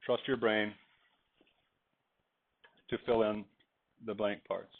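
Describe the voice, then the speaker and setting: A male teacher giving an animated, digressive classroom lecture, acting out little anecdotes along the way. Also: fairly low pitch, takes it slowly. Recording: tinny phone-like lecture recording.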